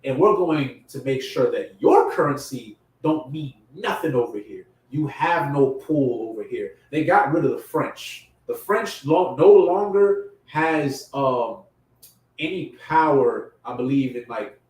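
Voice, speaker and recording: A man preaching a sermon in casual slang, growing impassioned and loud at his emphatic peaks. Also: mid-range voice, lively intonation, measured pace. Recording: echoey room from far off.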